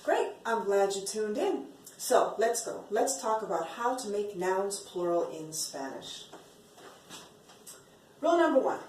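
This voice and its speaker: Woman teacher, upbeat and encouraging, repeats words slowly to drill them, recorded from a distance with room echo. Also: medium pitch, a little mellow, a little hiss or hum. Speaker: Spanish teacher. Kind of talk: classroom lesson at a whiteboard. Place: classroom with a whiteboard.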